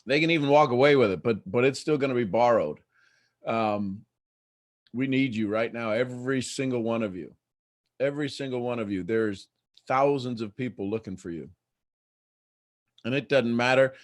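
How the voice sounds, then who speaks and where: A man hosting a casual morning livestream, talking in an animated way and laughing often. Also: mid-range voice, moderate pace, long pauses. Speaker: host.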